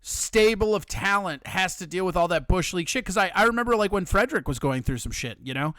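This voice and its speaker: A man's voice: high voice, expressive, fast, a bit bright, no echo. A man co-hosting a casual chat, blunt and opinionated and swearing freely.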